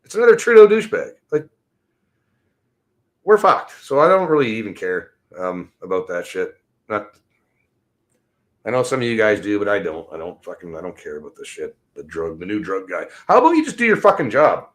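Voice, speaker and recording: Man, livestream rant, swears a lot, blunt, rambling, lowish voice. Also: very animated, moderate pace, pauses often. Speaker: livestream host.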